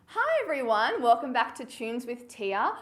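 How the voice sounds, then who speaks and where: Animated high-voiced woman singing to children. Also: normal speed. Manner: animated, gasping, makes animal noises. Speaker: children's music presenter. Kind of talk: sung nursery rhyme lesson. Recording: echoey room with faint noise.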